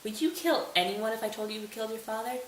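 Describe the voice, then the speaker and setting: A woman's voice: fairly high pitch, fast talker, close to an everyday voice. A woman voicing a smug, scheming king in an offhand, casual way. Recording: roomy, distant mic, faint hiss.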